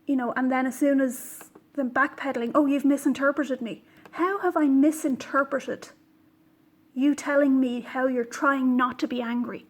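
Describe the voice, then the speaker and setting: A woman with a high, light voice hosts a knitting video podcast from home. She talks casually but with pointed indignation, stressing her words and pausing on fillers. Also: fairly even intonation. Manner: indignant, emphatic, with frequent fillers. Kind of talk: casual vlog monologue.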